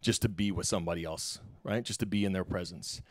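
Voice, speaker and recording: A middle-aged man giving a keynote talk on stage, telling a story in a lively, casual way and acting out the dialogue with slang. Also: sits low, quick pace, no room sound, clean studio sound. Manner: animated, acts out quoted dialogue, casual slang. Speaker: keynote speaker. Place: lecture hall stage.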